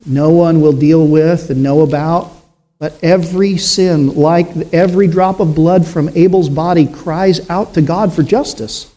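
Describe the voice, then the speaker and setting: A man preaching a sermon in a slow, solemn way, with dramatic pauses and rising emphasis. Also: fairly high pitch, fairly even intonation, mellow.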